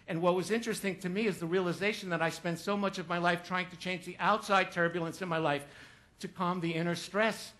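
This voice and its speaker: A man's voice: fairly high pitch, a bit bright. A man giving a humorous keynote talk on stage, telling a story with jokes and acting out what people said. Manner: storytelling with jokes, acts out quotes. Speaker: motivational speaker.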